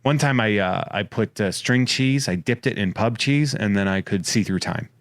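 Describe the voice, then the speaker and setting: A man hosting a podcast in casual comedic chat, rattling off wry, crude shout-outs and jokes. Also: lowish voice, normal speed, no echo. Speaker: podcast host.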